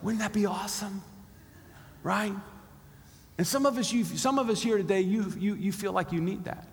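A man's voice: high-pitched, moderate pace, slight background noise. A pastor preaching a sermon in a conversational way, acting out the inner voices of his listeners. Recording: long hall reverb.

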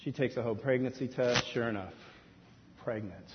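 A man in his thirties preaching a sermon in a church, telling a story with hushed asides that rise to near-shouts. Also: medium pitch, normal speed. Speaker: pastor. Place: church sanctuary. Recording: dull sound in a reverberant hall, faint noise.

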